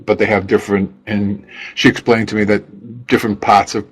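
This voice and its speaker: Male radio host, lower-pitched, rambling chatty delivery, self-deprecating, lots of "um" and restarts. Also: little pitch movement, moderate pace, husky, poor audio. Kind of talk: casual radio chat.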